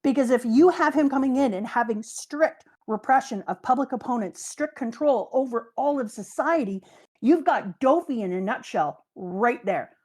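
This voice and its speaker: A woman's voice: a little high, expressive, normal speed, a little mellow. A middle-aged woman in casual chat on a live stream, building her points with emphatic, exasperated bursts. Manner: emphatic, exclaims mild curses for emphasis.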